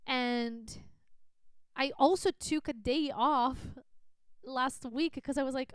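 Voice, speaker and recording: A woman's voice: sits high, fairly even intonation, slow, pauses often, clear, resonant tone, dry recording. A woman in her thirties hosting her own podcast, talking frankly about herself, swearing casually and repeating words for emphasis. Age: 30s. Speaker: podcast host. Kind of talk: candid solo podcast talk. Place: at her desk with a computer.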